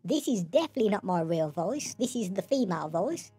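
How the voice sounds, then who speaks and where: A man's voice: very animated, a little fast, mellow, breathy edge, soft background music, heavily acted. A man speaking through a voice changer set to its female preset, jokey and cheeky during a live-stream gadget demo. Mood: joking. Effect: voice changer pitch shift.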